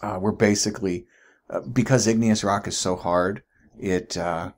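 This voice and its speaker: A man's voice: lowish voice, fairly even intonation, normal speed, darkish tone. A man teaching geology in a chatty recorded lecture, often asking "right?" and correcting himself as he goes.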